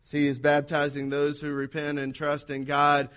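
A man's voice: fairly high pitch, completely flat delivery, moderate pace, fairly bright tone. A man preaching a sermon, acting out dramatic quotes along the way. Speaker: pastor.

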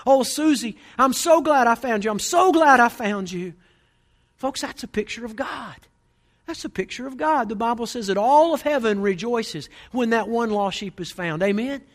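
Preacher guy, high voice, rattles off his sermon quick and punchy, lots of repeating for effect. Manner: emphatic, rousing preaching with rhythmic repetition.

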